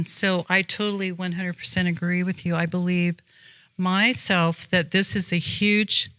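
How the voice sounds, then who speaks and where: A woman's voice: fairly low pitch, fairly even intonation, measured pace, fairly bright tone, no echo. Earnest rambling woman guest. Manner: earnest, rambling, many fillers. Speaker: podcast guest. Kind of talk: casual faith conversation.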